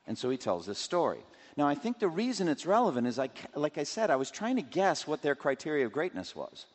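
A man's voice: on the high side, very animated, fairly quick, long reverb tail. A man preaching a sermon, walking through scripture and acting out quotes and everyday scenes. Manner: expository, acts out scripture quotes and scenarios.

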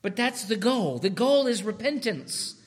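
A man preaching a sermon as pastor, swinging from hushed lines to shouted ones and asking his listeners rhetorical questions. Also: high-pitched, big pitch swings, unhurried.

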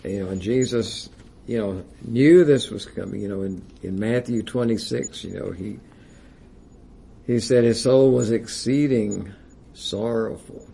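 A man's voice: fairly low pitch, a little slow, gravelly, warm tone, husky. A man preaching a sermon, reading King James scripture aloud with rising emphasis and using frequent "you know" fillers.

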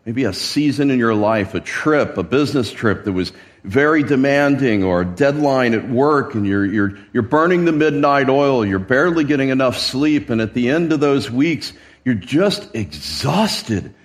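A man's voice: medium pitch, expressive, moderate pace. Conversational male preacher. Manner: conversational, emphatic, asks rhetorical questions. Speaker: pastor. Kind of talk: sermon. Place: church.

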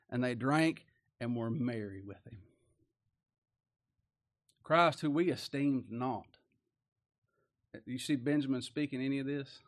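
A man preaches a Bible study sermon in homey, folksy language. He reads the verses aloud with raised emphasis, then drops to soft, confiding asides. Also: mid-range voice.

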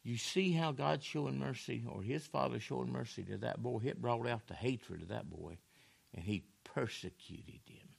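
A man preaching a sermon in a folksy way, repeating phrases and swinging from low murmurs to loud raised lines. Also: normal speed, gravelly, slightly rough.

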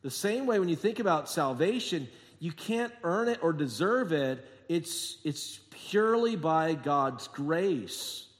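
A man preaching a sermon as pastor, telling jokey stories and acting out quotes, moving between quiet asides and emphatic points. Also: fairly high pitch, expressive, takes it slowly, hardly any pauses. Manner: jokey, sarcastic storytelling with acted-out quotes. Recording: long hall reverb.

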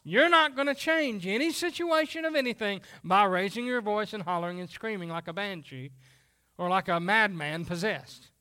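Pastor, man, very high voice, folksy animated sermon delivery. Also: moderate pace, clean tone.

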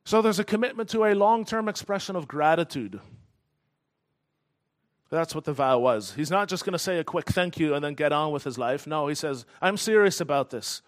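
A man preaching a sermon in an earnest, emphatic way, slowing down to stress key phrases. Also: fairly high pitch, expressive. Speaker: pastor.

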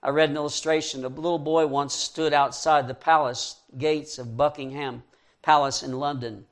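A man's voice: on the high side, fairly even intonation, moderate pace. A man preaching a sermon, reading scripture verse by verse and rising to fervent emphasis.

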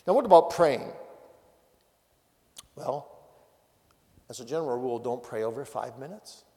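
A man's voice: medium pitch, lively intonation, moderate pace, dark tone. A man, a pastor, giving a teaching talk on family prayer with direct, practical exhortations. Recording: long hall reverb.

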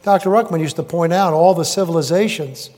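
A man's voice: on the high side, a little fast, darkish tone, soft background music. A man preaching a rambling sermon to a live congregation, folksy and digressive, quizzing the crowd as he goes. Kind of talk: rambling sermon with jokes and asides. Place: large hall with live congregation. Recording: echoey hall reverb.

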